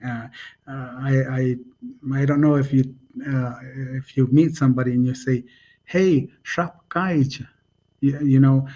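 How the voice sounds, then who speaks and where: A man giving a casual spoken language lesson, relaxed and pausing often, repeating phrases slowly and spelling them out letter by letter. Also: mid-range voice. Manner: relaxed and unhurried, with many pauses and fillers. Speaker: language teacher.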